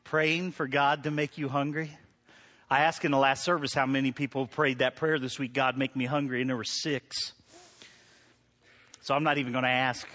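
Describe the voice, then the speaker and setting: Middle-aged male pastor, high-pitched, conversational sermon with loud preaching peaks. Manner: storytelling, swings from quiet to loud preaching.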